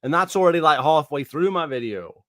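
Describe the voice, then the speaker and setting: A man's voice: a little high, expressive, fairly quick, sharp tone, no room sound, clean studio sound. A man, a gaming YouTuber ranting angrily and profanely, repeating himself as he reacts to a video. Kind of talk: angry reaction rant.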